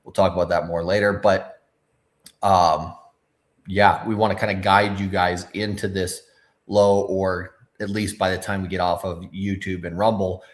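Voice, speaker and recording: A man's voice: low-pitched, flat delivery, moderate pace. A man co-hosting a livestream, talking loosely with frequent filler words and swearing. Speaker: co-host of a crypto livestream. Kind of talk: casual livestream chat.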